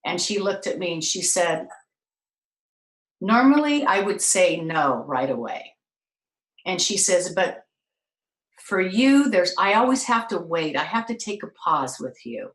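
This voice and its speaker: A woman host telling a personal story to an audience, acting out the voices of the people in it. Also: lowish voice. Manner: animated, acts out voices in her story. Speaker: talk show host. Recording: echoey room.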